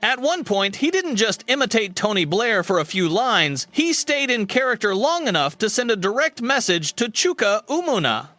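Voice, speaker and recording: A man reading a scripted narration in a smooth, even delivery. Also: high-pitched, normal speed, hardly any pauses, faint music behind.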